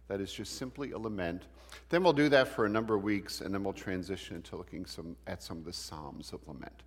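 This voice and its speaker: A man teaching a church Bible class in a conversational way, asking the class questions as he goes. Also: fairly low pitch. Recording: long hall reverb.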